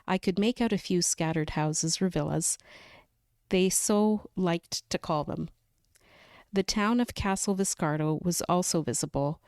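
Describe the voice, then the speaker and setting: A woman guest on a podcast, reading chapters of a novel aloud in a careful, measured way. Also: fairly low pitch, a little mellow, clean tone, dry recording, studio quality.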